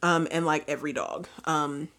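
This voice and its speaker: A young woman hosting a casual chat, telling animated stories full of fillers. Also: low voice, moderate pace. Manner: chatty, animated storytelling with many fillers. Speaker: podcast host.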